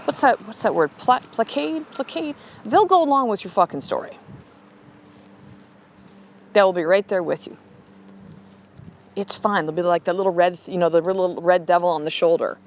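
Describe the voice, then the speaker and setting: Blunt, fast-talking motivational woman. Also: mid-range voice, very animated, a little hiss or hum. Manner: blunt, profane, fast and emphatic. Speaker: podcast host and mother. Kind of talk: motivational monologue.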